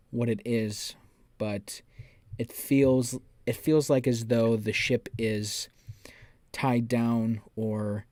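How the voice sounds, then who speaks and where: Guy running a tabletop rpg, talks slow, describes stuff in second person, dry sound. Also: mid-range voice, a little mellow, no echo. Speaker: game master. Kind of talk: narrating a tabletop role-playing game.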